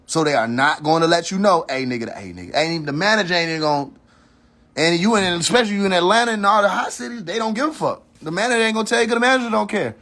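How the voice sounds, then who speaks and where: Speaking in a high, pushed, bright voice at a racing pace, the host of his own livestream delivers a casual social media rant. He's heated, preachy and swears, circling back to the same warnings and starting sentences over as he works through his thoughts.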